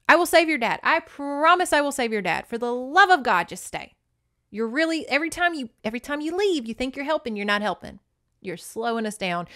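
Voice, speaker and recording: A woman's voice: sits high, fairly bright tone, pitched above the performer's own voice. A woman playing a lovestruck young male rebel leader in a casual, exasperated modern paraphrase.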